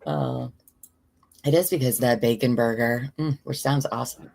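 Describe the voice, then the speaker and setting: Low, gravelly-voiced tired woman chatting. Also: normal speed, darkish tone. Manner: chatty, laughs often, self-deprecating. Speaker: co-host of a trial watch show. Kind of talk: casual chat.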